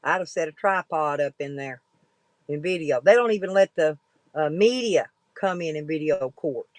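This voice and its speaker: A woman's voice: lowish voice, a little mellow, no room sound, low-quality recording. Blunt woman, rambling. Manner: blunt, folksy and profane. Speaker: livestreaming vlogger. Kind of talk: casual rambling talk to viewers.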